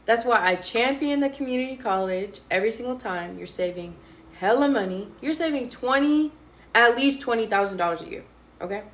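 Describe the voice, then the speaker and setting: A woman's voice: on the high side, fairly quick. A woman in her twenties being interviewed about her college years, telling her story in a casual, slangy way. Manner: lively storyteller, slangy, acts out quotes. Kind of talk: casual chat.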